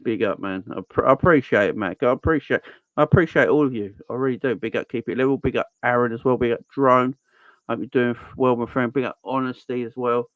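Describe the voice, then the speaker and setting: A man of middle pitch hosts a casual live-stream Q&A for his football channel. He talks earnestly and energetically, circling back to repeat his phrases for emphasis. His voice sounds close and dry, with no room around it. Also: a little fast, no echo, highs cut off.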